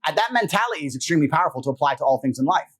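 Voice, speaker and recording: A man as an interview guest, giving an emphatic motivational talk in a blunt, forceful and profane way. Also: on the high side, expressive, rapid-fire, husky.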